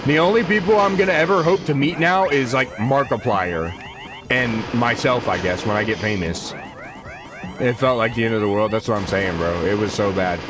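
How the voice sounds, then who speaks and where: Casual livestream chatter comes from a man in his twenties who rambles and throws around slang while addressing chat during a game. He has a medium-pitched voice at normal speed, backed by game music.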